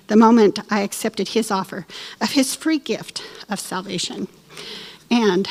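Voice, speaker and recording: A woman teaching a church Bible lesson, expressive and emotional, with playful asides. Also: medium pitch.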